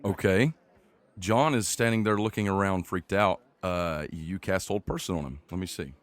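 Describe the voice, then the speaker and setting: A man's voice: low-pitched, moderate pace, no room sound. A man running a tabletop game as game master, narrating the scene in a playful, teasing way.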